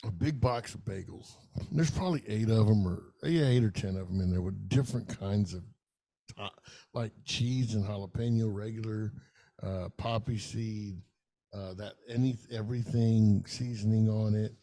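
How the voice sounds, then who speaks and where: Gravelly, dark-voiced man telling a story. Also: on the low side, normal speed. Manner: profane, rambling, animated storyteller. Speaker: podcast co-host. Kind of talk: casual storytelling chat.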